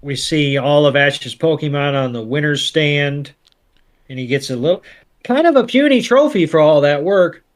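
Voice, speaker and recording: A man co-hosting a podcast, retelling an episode in casual chat with animated, swear-laced storytelling. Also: a little high, normal speed. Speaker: podcast co-host.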